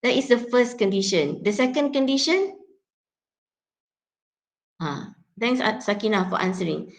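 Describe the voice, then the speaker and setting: A woman lecturer with a Malaysian accent teaches her students, walking through each point in turn. She keeps checking in with a quick "yeah?" as she goes, in a voice of ordinary middle pitch. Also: sing-song, poor audio. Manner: explains step by step, often checking with "yeah?". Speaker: university lecturer. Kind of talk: teaching a phonetics class.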